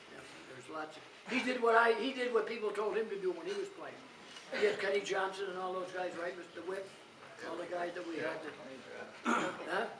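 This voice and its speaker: An older man, a retiring school coach, telling blunt, chuckling stories at a gathering. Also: high voice. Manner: blunt, chuckling, rambling anecdotes. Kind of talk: casual storytelling at a gathering. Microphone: far from the mic. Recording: echoey, distant, noisy hall.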